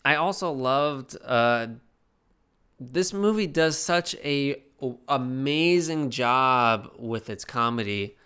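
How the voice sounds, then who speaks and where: A man's voice: medium pitch, takes it slowly, clean tone. Tipsy, profane man rambling a film review. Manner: rambling, profane, animated, with many restarts. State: slightly tipsy. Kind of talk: casual video review.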